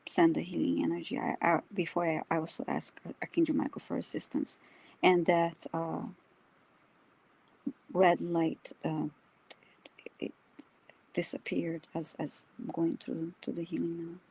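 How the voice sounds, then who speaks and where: A woman healer co-hosts a live stream, speaking softly and haltingly with frequent fillers. Her voice sits low, with a gravelly, husky texture and a warm, dark tone. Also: monotone, poor audio. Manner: soft, halting, many fillers. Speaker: energy healer, co-host. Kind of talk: describing a live healing session.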